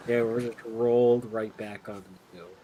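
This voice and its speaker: A man at a tabletop game with a mid-pitched voice, playing his turn in a casual, joking way. Faint noise sits behind his voice. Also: fairly even intonation, mellow, poor audio. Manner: playful, quick to joke. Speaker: player.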